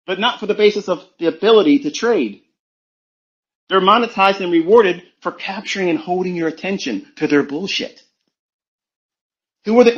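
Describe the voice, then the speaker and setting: A trading mentor, a man, delivers a forceful, preachy motivational rant laced with profanity and rhetorical questions. His voice sits a little high for a man. The recording sounds dull and lo-fi.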